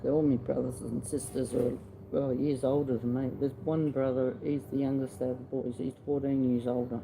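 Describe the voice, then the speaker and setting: Australian man, middle-aged, very dark mellow voice, blunt chatty storyteller, faint hiss behind. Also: mid-range voice, little pitch movement, moderate pace, creaky, low-quality recording. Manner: blunt, salty and chatty, retelling conversations. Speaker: vlogger. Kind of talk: casual storytelling.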